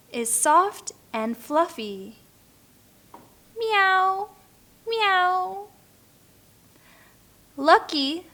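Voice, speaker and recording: A woman teacher reading a picture book aloud slowly and clearly for beginner learners, now and then making playful animal sounds. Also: high voice, sharp tone.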